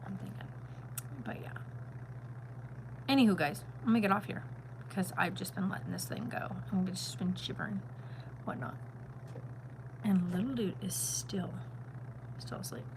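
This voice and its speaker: A woman's voice: medium pitch, a little slow, pauses often, background noise. A middle-aged woman who is a grandmother, chatting casually and emphatically on a home vlog. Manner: rambling, emphatic, opinionated. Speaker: vlogger and grandmother. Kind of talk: casual chat.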